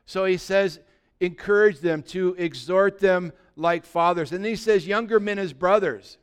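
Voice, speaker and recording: A man preaching a conversational sermon as pastor, dropping to a soft, quiet voice when acting out gentle words. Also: high-pitched, moderate pace, smooth. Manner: conversational preaching, drops to a soft voice for imagined dialogue.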